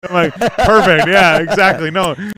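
A man's voice: mid-range voice, brisk, a crowd in the background. Rambling, swearing male podcast host. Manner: rambling, swears often, laughs easily. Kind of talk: casual chat. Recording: faint hiss.

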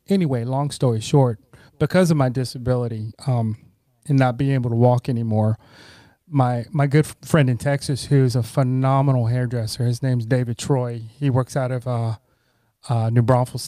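A man's voice: medium pitch, fairly even intonation, moderate pace, dark tone, no echo, studio quality. A middle-aged man, a podcast guest, telling earnest, rambling anecdotes and often saying "you know". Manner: earnest, grateful tone. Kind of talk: conversational storytelling.

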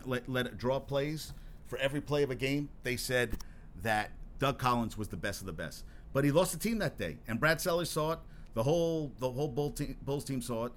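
Guy doing his own podcast, rants and swears, restarts a lot, normal pitch, bit of faint background hum. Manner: rambling and profane, with frequent restarts; worked up and emphatic. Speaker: podcast host. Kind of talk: solo podcast monologue.

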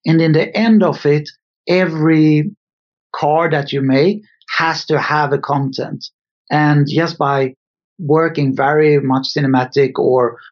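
A middle-aged man with a Scandinavian accent, thoughtfully answering interview questions with some hesitations. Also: on the high side. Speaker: guest, car designer. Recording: dull lo-fi audio.

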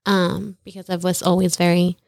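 A woman's voice: fairly low pitch, little pitch movement, normal speed, vocal fry, a little mellow, no room sound, clean studio sound. A young woman as an interview guest, telling her story casually and often acting out quotes with lots of "like". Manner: chatty, often says "like" and acts out quotes.

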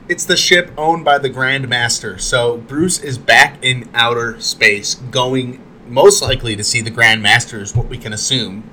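A man's voice: medium pitch, measured pace, few pauses, bright, forceful tone. A man hosting a casual recap of a TV episode, retelling scenes with chatty asides and fillers. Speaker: podcast host recapping a TV episode.

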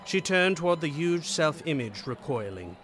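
A man narrating an audiobook story in a dramatic, expressive way. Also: on the high side, normal speed, a crowd in the background, background noise.

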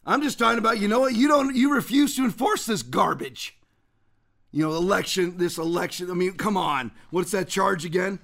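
A middle-aged man hosting a political commentary show, ranting indignantly and often shouting. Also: high-pitched, lively intonation, normal speed, vocal fry.

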